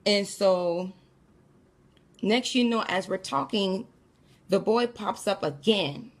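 A woman's voice: medium pitch, slow. A woman casually telling listeners about a frightening dream, chatting directly to them. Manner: chatty, addresses listeners as y'all. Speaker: storyteller recounting a dream. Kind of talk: casual spoken testimony.

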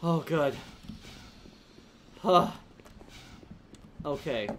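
A woman streamer giving casual gameplay commentary, laughing, swearing and reacting loudly. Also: low voice, lively intonation, very slow, a little hiss or hum.

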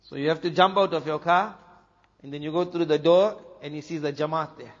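A man from South Africa, a preacher telling a story in an animated way, dropping to a hush for the dramatic moments. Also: on the high side, a little fast. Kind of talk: storytelling talk. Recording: dull lo-fi recording with long hall reverb.

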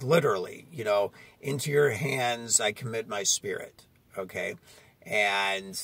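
A man's voice: medium pitch, creaky, fairly bright tone, slightly rough, no room sound. A man preaching a fiery sermon, confronting his listeners and often asking "okay?" between his points. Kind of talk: street-style sermon.

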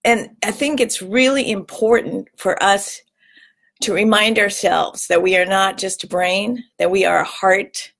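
A woman hosting her own video, talking earnestly and emotionally to camera, close to tears and rising into a tearful high voice. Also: steady tone, unhurried, gravelly, fairly bright tone. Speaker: vlog host giving a weekly tip. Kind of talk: heartfelt casual talk to camera.

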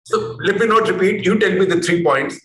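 Male interview host, slightly high voice, rambling questions; roomy echo, faint background hiss. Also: brisk, fairly bright tone. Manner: chatty, winding questions with fillers. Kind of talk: interview hosting. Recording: echoey room with faint noise.

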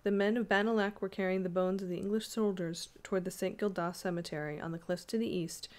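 Woman reading a ghost story aloud. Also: medium pitch.

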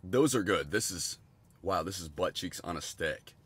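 Brief: twenties male streamer, lowish pitch, crude rambling food-review chatter, sudden excited spikes. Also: moderate pace, slightly rough. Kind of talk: casual livestream food review.

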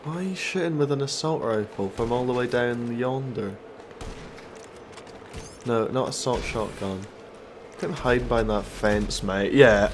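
A man's voice: medium pitch, moderate pace, long pauses, slight background noise. A man giving casual, sweary gameplay commentary, taunting and mocking other players. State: stoned. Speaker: gaming YouTuber.

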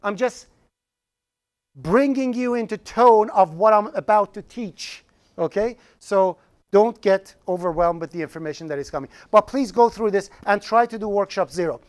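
Speaking at a normal speed in a high-pitched voice, this man teaches a college programming course. He talks straight to his students with animated energy, joking with them throughout.

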